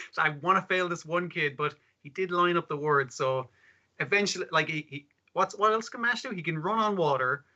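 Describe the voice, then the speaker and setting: A man's voice: a little high, normal speed, bright, forceful tone. A man co-hosting a casual anime podcast, talking animatedly, swearing and acting out characters' lines. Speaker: podcast co-host. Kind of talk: casual chat about anime. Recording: muffled, lo-fi audio.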